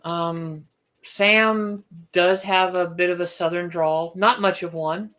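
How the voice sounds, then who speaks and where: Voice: medium pitch, fairly even intonation, takes it slowly, a bit bright. An author hosting a casual book livestream, thinking aloud with restarts and firm opinions.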